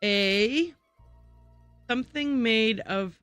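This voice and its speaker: Woman streamer, unhurried and musing, dry close mic, soft music under her. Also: a little high, clear, resonant tone, no room sound. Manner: thinking aloud, muttering over word puzzles. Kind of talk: casual gameplay livestream.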